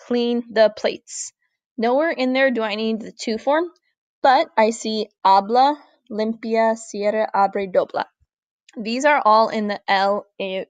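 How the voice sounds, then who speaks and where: A woman Spanish teacher, walking through a recorded grammar lesson, clear and deliberate, slowing down to model words. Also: on the high side, dry recording, muffled recording. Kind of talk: recorded classroom lesson over slides.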